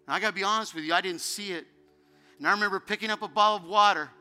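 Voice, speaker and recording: A man's voice: high-pitched, very fast, sharp tone, faint music behind. A man preaching a sermon as a guest pastor, telling an emotional personal story that builds into fervent preaching. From United States.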